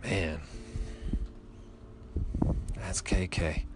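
A man's voice: sits low, fairly even intonation, drawn-out words, background noise. A man telling a rambling, profane comic story with chatty asides.

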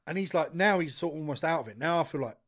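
A man's voice: on the high side, rapid-fire. A man co-hosting a podcast, telling a long, sweary personal story in casual chat. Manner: sweary, animated anecdote-telling. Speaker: podcast co-host.

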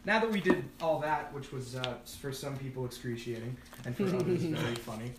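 A man's voice: medium pitch, lively intonation, fairly quick. A man running a tabletop game as game master, narrating casually with many fillers. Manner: casual, rambling, lots of fillers and restarts. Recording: echoey room, distant mic, noisy.

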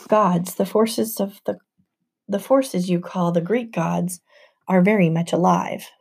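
A woman plays a kind teacher explaining patiently, with formal, gentle phrasing. The tone is warm and mellow. It is a storybook audiobook read. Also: on the low side, takes it slowly, gravelly, husky, full character voice. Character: kindly, patient male teacher. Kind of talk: audiobook narration.

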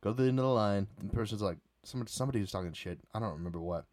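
A man's voice: on the low side, racing, darkish tone, no room sound. A young man telling a casual, rambling story about a night out, full of restarts and fillers.

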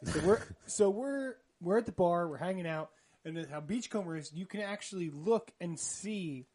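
A young man telling an awkward dating story in a casual podcast chat, animated and often laughing. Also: high-pitched, normal speed. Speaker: podcast co-host.

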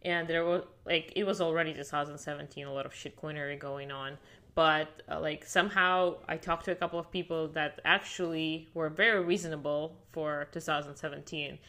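Deep, steady and sharp, her voice moves briskly as she tells the podcast host her story in casual conversation. She lives in Miami and learned English as an adult, speaking it fluently but with frequent "like" fillers.

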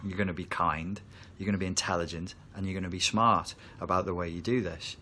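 A man talking to camera as a therapy coach, calm and reassuring as he explains. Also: sits low, a little fast, a little hiss or hum. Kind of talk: reflective talk to camera.

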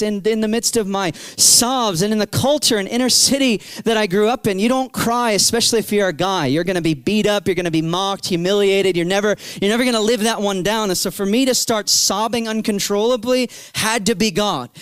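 A man in his thirties preaching a sermon, telling his story with animated energy and acting out his own past cries. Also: sits high, a little fast, few pauses, clear, resonant tone, no room sound. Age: 30s.

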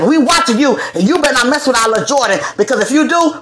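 A woman hosting a celebrity gossip show, talking in a sassy, animated way and bursting into shouts. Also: a little high, fairly quick, few pauses, noisy background. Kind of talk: casual gossip commentary. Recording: echoey room.

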